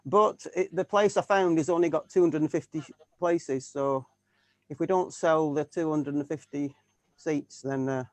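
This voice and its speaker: Halting, slightly high-voiced male keyboardist. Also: steady tone, no echo. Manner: halting, with frequent restarts. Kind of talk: casual chat.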